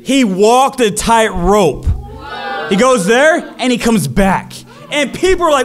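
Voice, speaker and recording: A man delivers a church sermon in a very high voice. He tells stories energetically, jumping into the voices of the people in them, with faint music behind him. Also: unhurried. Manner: energetic storytelling, acts out crowd voices. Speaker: preacher.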